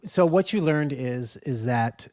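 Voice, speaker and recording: A man's voice: mid-range voice, expressive, measured pace, warm tone. A man co-hosting a podcast who reacts with blunt jokes in casual chat. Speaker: podcast co-host.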